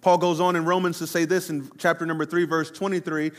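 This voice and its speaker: A middle-aged pastor preaching a sermon to his congregation, slowing down and drawing out words for emphasis. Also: a little high, flat delivery. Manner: preaching to a congregation, addressing the room directly; slows down and draws out words for emphasis.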